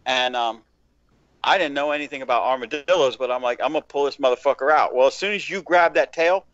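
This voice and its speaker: A man's voice: medium pitch, fast, no echo. Male podcast host, rowdy cursing storyteller, dry muffled recording. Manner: profane, animated storyteller, acts out quotes. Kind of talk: casual chat, storytelling. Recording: dull lo-fi dry sound.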